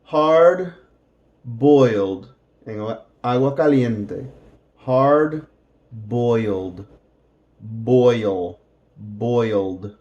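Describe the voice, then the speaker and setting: Very slow-speaking male English teacher. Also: medium pitch, a little mellow, lo-fi sound. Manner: repeats words slowly, mixes in Spanish glosses.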